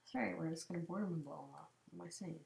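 Woman, casual gameplay commentary, excitable, loud outbursts and mutters, echoey room. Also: on the low side, rapid-fire, vocal fry, slight background noise. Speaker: gamer commentator.

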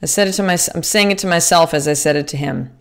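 Woman podcast host, slightly low voice, candid and profane, talks straight to her listeners. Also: fast. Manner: candid, swears freely, restarts sentences; earnest and motivational, addresses listeners as sister. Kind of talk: casual podcast monologue.

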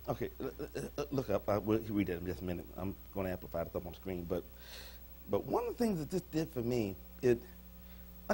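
A man preaching a sermon as pastor, folksy and joking with the congregation, swinging between soft asides and sudden shouts. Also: fairly high pitch, slight background noise. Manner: folksy, humorous, talks to the congregation. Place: church sanctuary.

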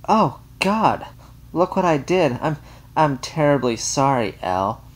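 A man's voice: a little high, sing-song, a little slow, voice pushed up. A man voicing a gushing, girlish young woman visitor.

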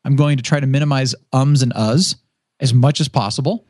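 A man speaking as a guest on a podcast, with a former radio DJ's easy command of the mic. He tells stories with animation and slips into the voices of the people he quotes. His voice sits at an average pitch, recorded close and dry with no room sound. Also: a little fast, no echo. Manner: animated storyteller who acts out quoted voices. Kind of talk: casual podcast interview.

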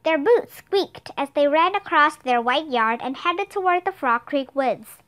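A woman narrating a children's storybook aloud in an expressive, clear manner. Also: high voice, measured pace. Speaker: audiobook reader.

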